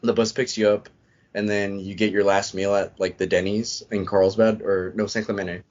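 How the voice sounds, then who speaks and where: A man's voice: fairly low pitch, little pitch movement, normal speed, a little mellow. A man on a podcast as a guest, retelling his story in a casual, rambling way with lots of "I'm like" asides. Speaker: podcast guest, Marine veteran. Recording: dull lo-fi podcast audio.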